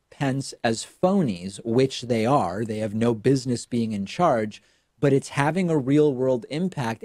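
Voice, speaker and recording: A man's voice: mid-range voice, a little mellow, no echo. Emphatic male political show host, dry studio sound. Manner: emphatic, sardonic.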